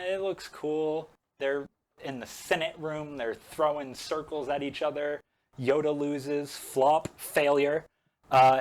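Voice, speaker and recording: A man's voice: mid-range voice, darkish tone. A man vlogging while he paints, recapping a film in a sarcastic, rambling way full of "like".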